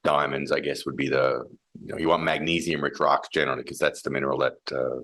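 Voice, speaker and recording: A man's voice: rumbling low, little pitch movement, fast, fairly bright tone. A man who heads a mining company, explaining his ideas in a thoughtful interview with many restarts and fillers. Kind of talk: conversational interview.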